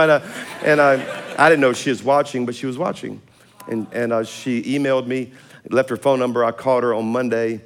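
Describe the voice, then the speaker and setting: A male pastor preaching a sermon in a church auditorium, telling stories with laughs and big swings in loudness. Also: mid-range voice, brisk.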